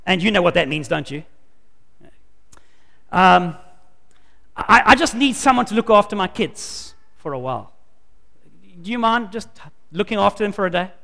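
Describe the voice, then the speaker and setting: A man plays a chatty male prophet who hesitantly asks a friend for a favor. The voice sits very high, and it rings through a long hall reverb. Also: animated, moderate pace, gravelly, long pauses, pushed and bright, heavily acted. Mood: casual.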